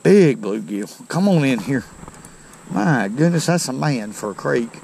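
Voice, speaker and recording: Beside a creek, a fishing channel host narrates casually to viewers, folksy and exclaiming over each catch. His medium-pitched voice is animated, gravelly and darkish, moving a little slowly, with a faint hiss or hum in the recording.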